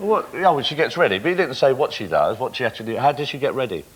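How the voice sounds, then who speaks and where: A man's voice: medium pitch, sing-song, fast, husky. A man hosting a comic interview with a child on television, teasing and playful. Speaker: host. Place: TV studio with audience. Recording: loud studio audience and noise.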